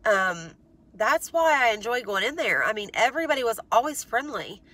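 A woman's voice: fairly high pitch, big pitch swings, moderate pace, bright, forceful tone. Congested woman venting in a rambling rant. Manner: rambling, frank, many fillers and restarts; exasperated, pleading. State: stuffed up, congested. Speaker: vlogger. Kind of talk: casual rant to camera.

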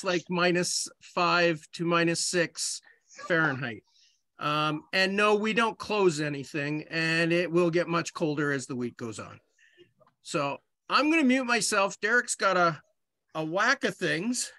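A man from Canada chatting loosely on a video call, tossing in jokes and fillers. His voice sits high and sounds crisp and smooth. The sound is close and dry. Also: unhurried, pushed and bright, no room sound. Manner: chatty, joking asides, many fillers. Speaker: committee member opening a meeting. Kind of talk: casual meeting talk. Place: home office on a video call. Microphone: computer mic on a video call.

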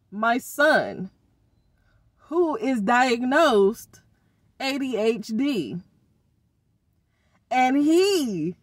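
Middle-aged woman vlogger, venting and slangy, slow delivery, dry close sound. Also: fairly high pitch, no room sound. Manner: exasperated, venting about her kids; expressive, uses informal slang. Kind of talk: casual vlog rant.

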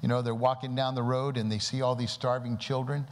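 A man's voice: mid-range voice, level tone, brisk. A man preaching a sermon to a church congregation, praying aloud and pressing listeners with rhetorical questions. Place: church service before a congregation. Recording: long hall reverb with faint background noise.

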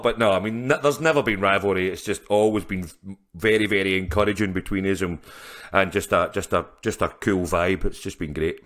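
A man's voice: low-pitched, steady tone, brisk, a bit bright. A man, a musician guest on a podcast, telling stories in a chatty way with frequent laughs and restarts. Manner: chatty storyteller, laughs often, many restarts. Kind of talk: casual interview chat.

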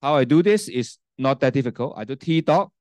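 A man's voice: medium pitch, lively intonation, fairly quick, a little mellow, no echo. A man teaching a university class and demonstrating a spreadsheet, often checking in with "okay?" and "right?" and restarting sentences. His first language is Cantonese. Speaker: university lecturer. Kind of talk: classroom lecture with software demo. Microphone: handheld mic, sometimes set down.

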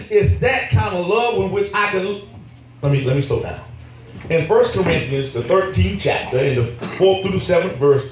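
High-voiced male preacher in an echoey church. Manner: emphatic and folksy, with repetitions and call-and-response. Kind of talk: sermon. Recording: echoey church hall, voice from far off, music behind.

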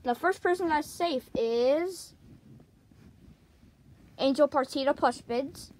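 A woman hosting a make-believe plush-toy game show in an excitable, playful way. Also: high-pitched, slow pace, rough recording. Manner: excitable, jumps between characters' voices. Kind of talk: playful toy role-play narration.

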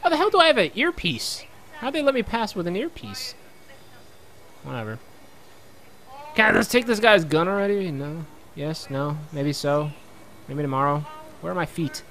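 A bright, fairly high-pitched young man narrating his gameplay with lively swings in pitch, cracking jokes and bantering with the characters on screen. A faint hiss of noise sits beneath his voice. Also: moderate pace, long pauses. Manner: goofy, talks back to game characters, frequent laughs. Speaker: gaming let's-player. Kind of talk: comedic gameplay commentary.

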